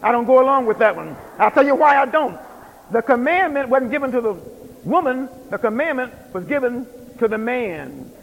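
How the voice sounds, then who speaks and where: A man's voice: very high voice, expressive, normal speed, vocal fry, highs cut off. A man preaching a sermon with emphatic, rhythmic delivery and repeated phrases. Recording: long hall reverb.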